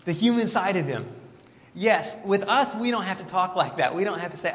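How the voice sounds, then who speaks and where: A man's voice: sits high, lively intonation, moderate pace, a bit bright. A man teaching a Bible study class, reading scripture aloud and asking the group questions. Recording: reverberant hall with faint background noise.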